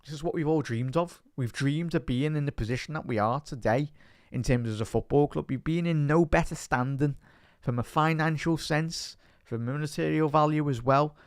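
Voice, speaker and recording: A man's voice: a little high, normal speed, hardly any pauses, clear, resonant tone, dry recording, clean studio sound. A young man from Liverpool with a Scouse accent, talking passionately and a bit rambling in a casual reaction video as a fan channel presenter. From Liverpool, England.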